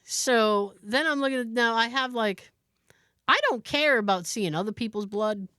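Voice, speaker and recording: Lively high-voiced woman telling a story. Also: normal speed, smooth, no echo, studio quality. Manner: animated, acts out the people in her story. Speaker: podcast co-host. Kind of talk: casual storytelling chat.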